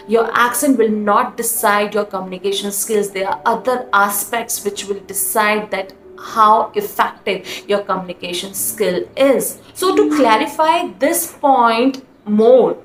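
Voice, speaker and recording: A woman from India with an Indian English accent, coaching English and repeating her points earnestly while she asks the viewer questions. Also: fairly high pitch. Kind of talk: spoken English lesson to camera. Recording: echoey room with faint music.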